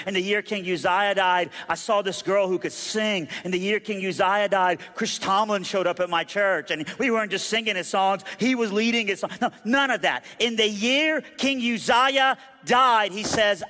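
Male preacher, high voice, dynamic delivery with humorous asides, big reverberant church hall. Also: slight background noise. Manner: dynamic, swings between loud emphasis and hushed intensity. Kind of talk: sermon. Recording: long reverb of a large hall.

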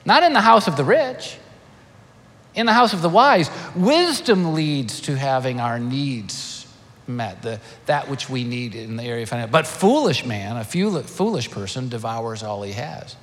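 An older man preaching a sermon, animated and emphatic, firing rhetorical questions. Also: mid-range voice, unhurried. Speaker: pastor. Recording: long hall reverb.

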